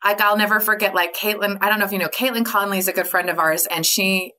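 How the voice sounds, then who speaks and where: A woman's voice: medium pitch, fairly even intonation, fast, sharp tone, a little hiss or hum. A middle-aged woman, a podcast guest, telling her family story in candid conversation and often laughing. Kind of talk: casual interview conversation.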